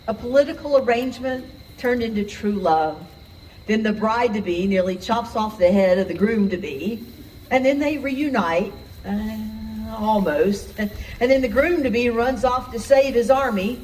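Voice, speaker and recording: A woman's voice: medium pitch, a little mellow, slight background noise, lightly acted, rough recording. A woman playing a weary female palace onlooker in a live stage show, giving dry, sarcastic commentary.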